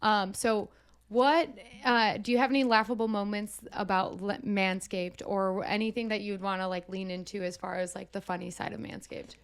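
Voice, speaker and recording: A woman hosting a podcast, speaking casually and pausing often with fillers as she shapes her thoughts. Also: medium pitch, steady tone, smooth. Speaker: podcast host. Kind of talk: casual chat.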